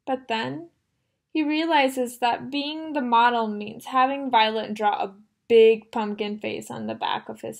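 A woman teacher reading a picture book aloud to young children, animated, gasping and asking them questions. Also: a little high, creaky. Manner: animated storyteller, gasps, asks the children questions.

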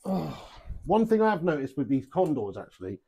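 Excitable swearing man streaming darts. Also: a little high, moderate pace, vocal fry, slightly rough. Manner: swears a lot, excitable outbursts, chats to viewers. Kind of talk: live stream chat while playing darts.

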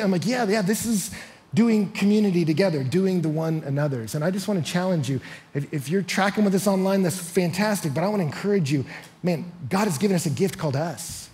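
In a live church sanctuary, a male pastor with a husky, high voice preaches briskly. He's an energetic storyteller who acts out quotes, growing loud and high with excitement, and he repeats words as he starts sentences.

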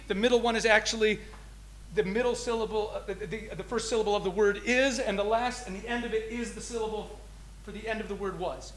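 With a little background noise in the recording, a high-voiced man speaking as a rabbi explains his teaching to an audience. He alternates emphatic and soft delivery, easing his pace on key phrases.

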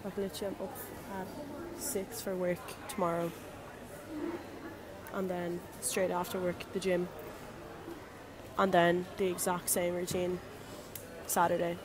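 A woman's voice: lowish voice, little pitch movement, measured pace, long pauses. A young Irish woman vlogging casually while travelling, rambling and swearing freely into her phone. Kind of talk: casual travel vlog chat. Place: travelling through taxi and airport. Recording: clear travel noise in background. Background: vehicle and ambient noise.

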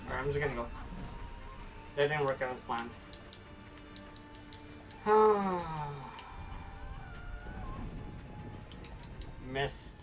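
A man streaming a video game, talking casually to his viewers and reacting excitedly as he plays. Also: mid-range voice, brisk, pauses often, music in the background. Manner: excitable, talks to viewers while playing. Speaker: gaming streamer. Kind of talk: casual let's-play commentary.

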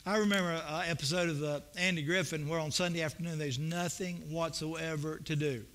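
A man preaching in a church with a high, ringing, forceful voice. He tells homespun stories and swells into emphatic, repeated questions. The delivery moves between soft, conversational asides and bursts of preaching. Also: steady tone, brisk, slight background noise. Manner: folksy, storytelling preacher with rising emphatic bursts. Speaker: pastor. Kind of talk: sermon. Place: church sanctuary.

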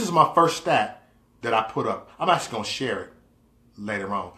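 A man vlogging in an animated storytelling monologue, swinging from low asides to loud cries. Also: moderate pace. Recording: roomy echo.

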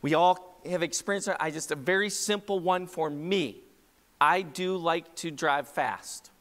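A man preaches to his congregation in a loose, conversational way, often turning to ask them questions directly. His voice sits a little high for a man. The sound rings out with a long reverb from the church hall around him. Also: measured pace, a bit bright. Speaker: pastor. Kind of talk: sermon. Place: church sanctuary.

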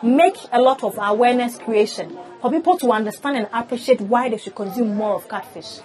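A woman's voice: fairly high pitch, brisk, a little mellow, low-quality recording. A woman from Ghana hosting an interview, asking questions and giving frequent short affirmations. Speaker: interviewer, host.

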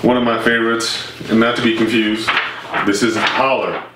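A man's voice: mid-range voice, level tone, moderate pace. Laid-back texan guy, talking from across an echoey room, hiss behind him. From East Texas. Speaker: co-host. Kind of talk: casual chat. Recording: echoey room, mic at a distance, hissy.

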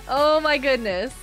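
A woman's voice: high voice, fairly bright tone. A woman streaming a survival game, chatting playfully and scolding her teammates in mock outrage. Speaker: gaming streamer. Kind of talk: casual gameplay commentary.

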